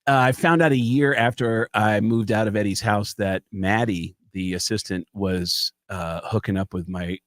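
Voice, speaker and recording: A man's voice: fairly low pitch, fairly even intonation, normal speed, few pauses, no room sound, studio quality. A man from the US Southwest, a guest comedian and impressionist, telling stories casually and animatedly, swearing and acting out voices. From Tucson, USA. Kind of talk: casual storytelling.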